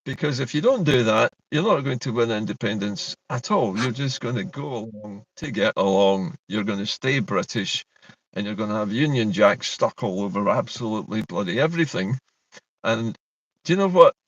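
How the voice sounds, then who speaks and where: Indignant Scottish man, low voice, distant dull sound. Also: moderate pace, no room sound. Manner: animated, indignant. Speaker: co-host. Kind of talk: political discussion. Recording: dull distant dry mic.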